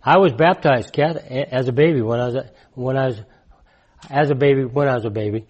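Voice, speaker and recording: A man in his sixties preaching in a conversational, emphatic way, repeating his key points and swinging from loud to hushed. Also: mid-range voice, brisk, slightly rough, muffled recording. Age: 60s. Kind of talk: conversational sermon testimony.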